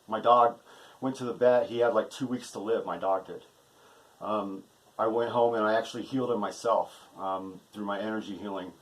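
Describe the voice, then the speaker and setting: A man's voice: mid-range voice, rough recording. A man from the United States in a rambling, agitated monologue to camera, repeating himself and tagging his sentences with "okay?". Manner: agitated, repetitive, keeps adding "okay?" and profanity. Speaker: vlogger.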